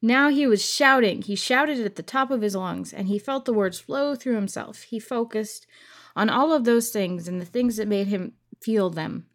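A woman co-hosting a read-aloud show, teasing her partner and taking turns reading the narration. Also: on the high side. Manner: teasing, quick-witted. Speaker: co-host and reader. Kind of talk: casual banter while reading a novel aloud.

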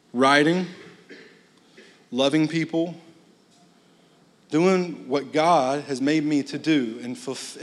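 A man with a high voice delivers a sermon as a guest preacher, casual and blunt with joking asides. His voice carries a long reverb from the hall.

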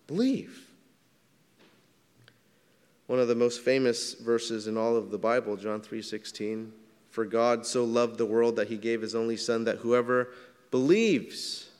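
A man serving as pastor, preaching a sermon in a conversational way that builds to loud, emphatic scripture readings. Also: fairly low pitch, smooth. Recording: long hall reverb.

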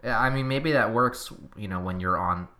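A man co-hosting a casual cycling podcast, talking in halting bursts with frequent restarts and laughs. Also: on the low side, bright, forceful tone. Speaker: podcast co-host.

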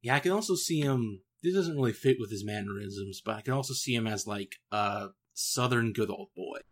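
A man's voice: lowish voice, a little fast. A man co-hosting a podcast in casual chat, chiming in with short, dry remarks. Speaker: podcast co-host.

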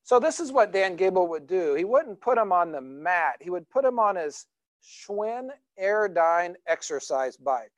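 A man's voice: high-pitched, sing-song, unhurried, no room sound. A middle-aged man, a pastor, preaching a sermon in a loose, conversational storytelling way with many fillers and restarts.

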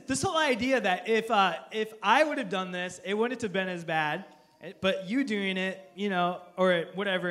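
A man's voice: sits high, a bit bright. A man preaching a humorous sermon to a live audience, joking and asking the crowd for applause and amens. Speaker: pastor. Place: church auditorium with live audience.

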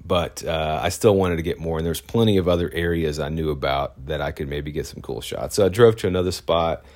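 A man's voice: rumbling low, a little fast, a little mellow. A man, a photojournalist, telling a story in a casual, rambling way, full of fillers and restarts.

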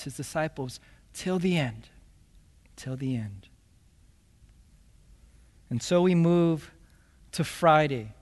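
A man preaching a sermon as pastor, reading scripture and explaining it with emphatic, rhetorical "right?" asides. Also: a little high. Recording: long hall reverb.

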